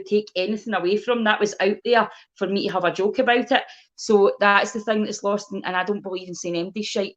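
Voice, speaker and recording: A Scottish woman comedian chatting as a guest, blunt and sweary, telling stories with lots of energy. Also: mid-range voice. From Scotland. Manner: blunt, sweary, animated storytelling. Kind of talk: casual chat.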